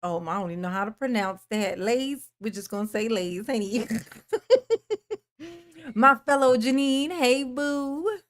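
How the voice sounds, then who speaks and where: High-voiced woman greeting her livestream viewers. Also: unhurried, pauses often. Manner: affectionate, calls viewers pet names, laughs often; calls herself Mama in the third person. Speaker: livestream host. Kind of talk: casual live-stream chat greeting viewers.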